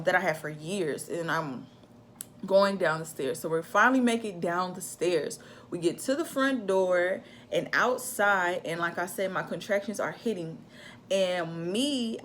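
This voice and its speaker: A young woman casually telling a personal story to camera in an animated, chatty way. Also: fairly low pitch, slight background noise. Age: young adult. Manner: animated, chatty, acts out her own shouts in quotes. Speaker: vlogger telling a birth story.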